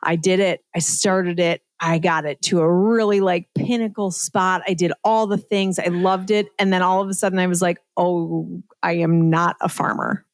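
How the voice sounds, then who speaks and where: A woman's voice: lowish voice, fairly even intonation, normal speed, hardly any pauses, no room sound. Chatty woman guest, dry close sound. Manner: chatty, frequent "like" and "right?", laughs at herself. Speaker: podcast guest, entrepreneur. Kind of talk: casual interview storytelling.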